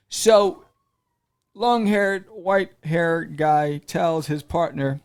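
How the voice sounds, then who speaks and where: A man with a slightly high, gravelly voice hosts a laid-back podcast. He retells a comic's plot playfully, jumping into the characters' voices and joking with his listeners. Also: slow pace. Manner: animated storyteller, acts out characters' lines. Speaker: podcast host reviewing comics. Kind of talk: casual chat.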